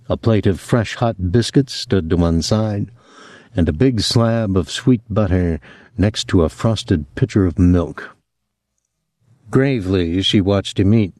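A man narrating a novel in a measured, even manner. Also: lowish voice, dry recording, studio quality. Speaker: audiobook narrator.

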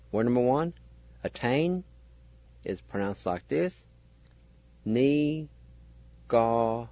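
A man hosting a radio language lesson, spelling words out and sounding each syllable slowly and deliberately. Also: fairly low pitch, a little mellow, dry recording, highs cut off.

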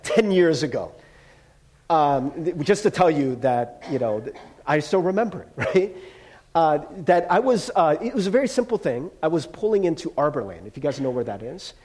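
A man's voice: high voice, darkish tone. A male pastor preaching a sermon in a casual, storytelling way, with humor. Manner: conversational storytelling with humor and acted quotes.

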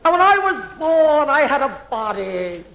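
Brief: woman doing a drawling boozy old comic man, slow, roomy echo. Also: high voice, very animated, a bit bright, a little hiss or hum, heavily acted. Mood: sneering. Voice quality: drawling, mock-grand. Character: gruff boozy older male comic, sneering. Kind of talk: 1940s radio comedy impression.

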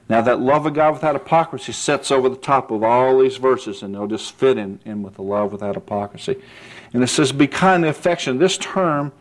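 A male preacher delivering a sermon with earnest conviction. He talks in a folksy, conversational way and often checks in with his listeners. His voice climbs to emphatic peaks when he presses a point. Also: on the low side. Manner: folksy, asks "see?" often.

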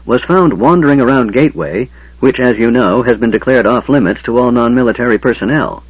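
Man voicing groveling hobgoblin, stammering, whiny, husky voice, muffled lo-fi sound. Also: mid-range voice, fairly quick, dry recording. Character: groveling, whining male hobgoblin underling. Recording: dull lo-fi audio.

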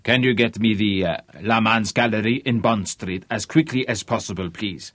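A man's voice: fairly low pitch, moderate pace, a bit bright, no room sound. A man voicing a nervous young man faking a German accent, hesitant and stiffly formal. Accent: put-on German.

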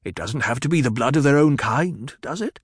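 Man putting on a rasping, sneering banker. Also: mid-range voice, expressive, dry recording, studio quality. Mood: condescending. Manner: stiff, sneering, slow drawl. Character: sneering, fearful middle-aged male banker.

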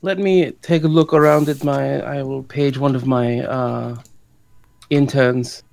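A man voicing a pompous, evasive fake German cryptid expert with a put-on German accent and a gravelly voice, in an improvised comedy podcast. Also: mid-range voice, steady tone, unhurried, darkish tone, dry recording. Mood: deadpan pompous.

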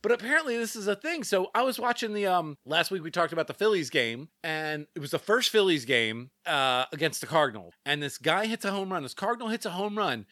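A man talks in a lively, swooping voice with a bright edge, ranting in disbelief and swearing as he goes. The sound is dry and close. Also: sits high, brisk, few pauses, no room sound. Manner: animated, swearing, incredulous rants. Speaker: podcast co-host. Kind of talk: casual chat.

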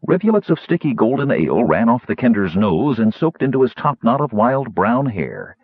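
Husky man narrating a fantasy audiobook. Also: mid-range voice, normal speed, no echo. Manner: lively, expressive reading. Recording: tinny phone-like audiobook recording.

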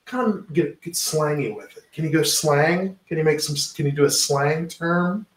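A man's voice: on the high side, moderate pace, roomy sound. A man running a word game among friends and hurrying them to answer. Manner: pushy, hurrying others along. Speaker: game leader asking for words. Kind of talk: casual group game.

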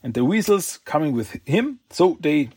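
A man's voice: fairly high pitch, sing-song, normal speed, a little mellow, slightly rough, no echo. A man casually recapping a comic book story, rambling along with restarts, second-guessing himself and chuckling.

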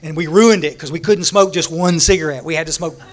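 Man, slightly raised pitch, folksy and joking, storytelling speaker at a recovery meeting. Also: a little fast. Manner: folksy storytelling with jokes and laughter.

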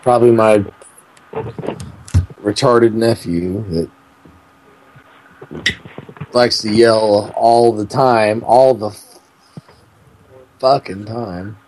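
A man making a prank phone call, rambling and crude in a deadpan way. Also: lowish voice, drawn-out words, long pauses, slight background noise. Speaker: prank caller.

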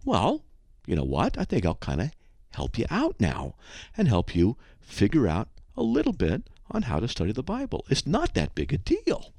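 A male radio host with a gravelly, mid-range voice leads a Bible study talk show at a moderate pace, recorded in clean studio quality with no echo. He's animated and emphatic, acting out conversations as he goes.

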